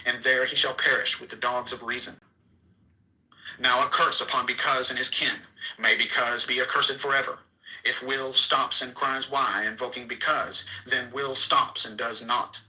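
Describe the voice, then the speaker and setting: A man giving a solemn, declamatory reading of an archaic scripture, slow and measured with sudden quicker bursts. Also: medium pitch, pushed and bright, poor audio. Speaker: reader.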